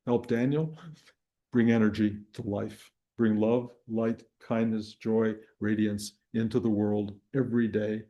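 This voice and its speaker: Older man telling a story at a retreat, mellow voice. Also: lowish voice, level tone, unhurried, muffled recording. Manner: rambling storytelling with restarts and chuckles. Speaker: spiritual teacher. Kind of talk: dharma talk to a live and online group.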